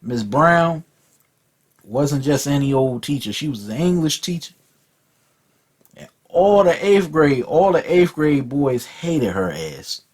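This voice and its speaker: Slow-talking husky man, lively pitch. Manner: profane, repeats words while telling a story. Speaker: vlog host. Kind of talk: casual storytelling rant.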